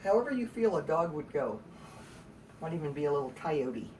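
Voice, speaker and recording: A woman's voice: low voice, normal speed. A woman musician telling wry, folksy stories between songs, heard from a distance with guitar behind her. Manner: relaxed, wry, folksy humor. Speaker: singer-songwriter performer. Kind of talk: storytelling song introductions.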